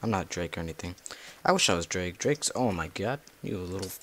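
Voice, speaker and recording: A man's voice: low-pitched, expressive, a little fast, fairly bright tone. A man giving casual, rambling commentary while playing a video game, talking to himself and cussing at the monsters. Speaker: gameplay video creator.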